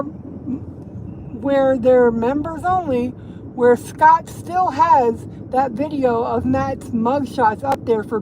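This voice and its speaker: A woman gossiping on a casual livestream from her car, swearing and rambling as she drives. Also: high voice. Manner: profane, rambling, laughing. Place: inside a car, driving. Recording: road noise behind.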